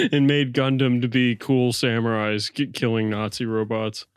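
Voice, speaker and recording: A man's voice: mid-range voice, animated, slow pace, no echo, clean studio sound. A man in casual podcast chat, dropping wry joking asides.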